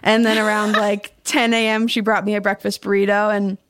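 A woman's voice: medium pitch, flat delivery, brisk, fairly bright tone, slight background noise. A woman guest on a podcast, telling a personal story in a wry, self-amused way. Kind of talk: casual podcast chat.

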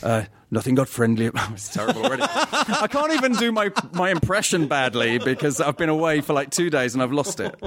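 A man's voice: fairly high pitch, sing-song, a little fast, hardly any pauses, fairly bright tone. A man with an English accent, an actor telling funny anecdotes in casual chat, full of restarts and laughter. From England.

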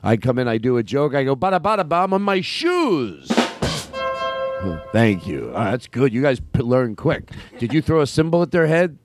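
A man's voice: mid-range voice, expressive, normal speed, over loud music. A man hosting a comedy show, bantering playfully and laughing while he directs the band. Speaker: host.

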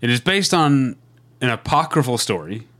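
A man's voice: medium pitch, very animated, normal speed, fairly bright tone. A man in his forties with a Midwestern accent, co-hosting a casual podcast and rambling with frequent restarts. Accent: Midwestern American. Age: 40s. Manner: rambling, self-interrupting, laughs easily. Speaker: podcast co-host.

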